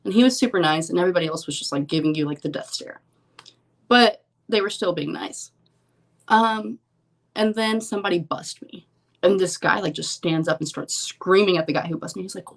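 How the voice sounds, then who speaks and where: A young woman talking casually on a podcast, her voice sitting a little low. She tells her stories in a loose, rambling way, peppered with "like" and "um". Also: brisk, gravelly. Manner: chatty storyteller, lots of "like" and "um". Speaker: professional poker player, podcast guest. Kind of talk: casual interview chat.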